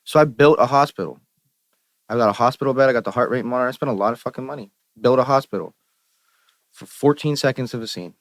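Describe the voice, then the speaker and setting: A young man with a Pittsburgh accent, a musician guest telling stories on a podcast in an animated, profane way and acting out the people he quotes. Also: medium pitch, fast, no room sound, studio quality. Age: young adult. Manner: animated, profane, quotes himself and others in lively asides. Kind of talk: casual podcast storytelling. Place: podcast studio.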